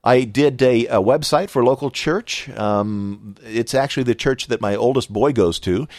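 A man's voice: mid-range voice, moderate pace, darkish tone, dry recording, clean studio sound. A middle-aged man with a Southern California accent hosting a podcast, chatting casually in a rambling, folksy way with plenty of restarts. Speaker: podcast host. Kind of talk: casual personal chat with ad reads.

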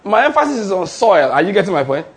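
A man's high-pitched, sing-song voice moves fast as he, a pastor, preaches to a congregation in church. He poses call-and-response questions, emphatically repeats his points, and laughs occasionally.

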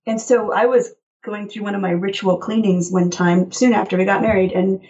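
A woman telling personal stories as an interview guest, animated and quick to laugh. Her voice sits at an ordinary middle pitch. The audio is slightly muffled and lo-fi. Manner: animated storyteller, laughs often. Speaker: guest author. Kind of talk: casual interview chat.

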